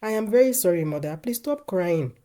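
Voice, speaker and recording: A woman voicing a calm, reasonable husband in a storybook tale. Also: on the low side, brisk, voice pushed up, lightly acted. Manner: calm, patient, reassuring.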